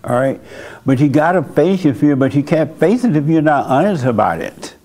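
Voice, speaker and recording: A male pastor hosting a church service, telling a story in a casual, animated way and laughing along with the room. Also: on the high side, moderate pace. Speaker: pastor and host. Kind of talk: sermon.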